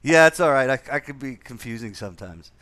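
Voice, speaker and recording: A man's voice: medium pitch, animated, brisk, a bit bright, dry recording. A man hosting a casual podcast chat, agreeable and joking, swearing casually. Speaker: podcast host.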